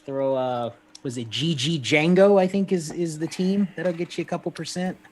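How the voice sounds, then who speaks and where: Co-hosting a casual gaming stream, a man with a slightly high voice talks at normal speed in a laid-back, hesitant way. He leans heavily on fillers and repeats and keeps calling people "man."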